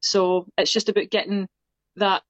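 A woman's voice: medium pitch, little pitch movement, normal speed, no echo. Young Scottish woman, chatty guest, self-deprecating; slightly muffled recording. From Scotland. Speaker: singer-songwriter guest. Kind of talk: casual interview chat.

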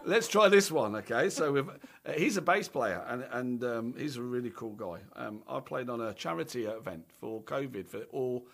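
A man's voice: medium pitch, animated, normal speed, gravelly, few pauses, fairly bright tone. A Scottish man hosting a casual radio chat, talking chattily and tagging his sentences with "okay" and "right?". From Scotland. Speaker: radio show host and drummer.

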